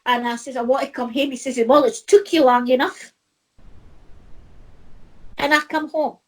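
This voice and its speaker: This middle-aged Scottish woman is a spiritual medium telling her own story, heartfelt and rambling, with many restarts. Her voice is high, her intonation fairly even, and her speed normal.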